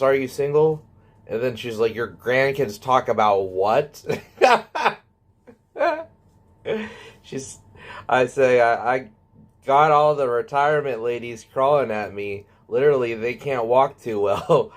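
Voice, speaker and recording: A man casually telling a prank story, reading out chat messages and chuckling at his own jokes. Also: mid-range voice. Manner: switches between narrating and reading quoted texts. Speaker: comedy YouTuber.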